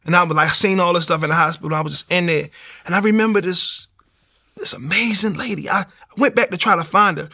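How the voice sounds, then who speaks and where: Gravelly man telling his story. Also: sits high, fast talker, bright, forceful tone. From Baltimore, USA. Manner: storytelling with acted-out dialogue. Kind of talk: personal testimony.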